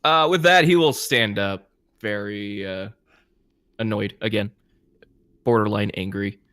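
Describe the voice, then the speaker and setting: A man's voice: lowish voice, a little slow, sharp tone, no room sound. A man narrating as game master of a tabletop role-playing game, casual and hesitant with many fillers.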